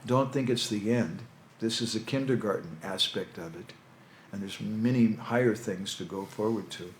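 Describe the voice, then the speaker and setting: A man's voice: fairly low pitch, normal speed, slight background noise. A man giving a conversational spiritual talk to young people, telling stories with casual asides. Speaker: monk lecturer. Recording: echoey hall with faint ambience.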